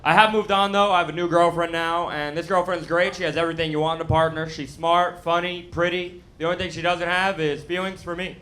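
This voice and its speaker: A young American man with a lisp performing a stand-up set in a deadpan, self-mocking way on a comedy club stage. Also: on the high side, a little fast, few pauses. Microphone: handheld stage mic. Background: audience laughter.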